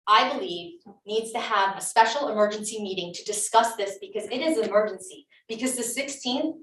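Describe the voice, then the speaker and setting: A woman on a township committee pleads her case at a public meeting, her voice a little high. She is emotional and insistent and keeps restarting her sentences. She sounds set back from the mic, and the meeting room echoes. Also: bright, forceful tone, distant mic. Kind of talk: speaking at a public council meeting.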